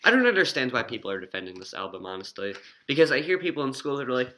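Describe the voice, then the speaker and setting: A man's voice: medium pitch, sing-song, brisk, pushed and bright, a little hiss or hum. A man giving a blunt, dismissive review. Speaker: guest reviewer. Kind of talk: casual ranting review.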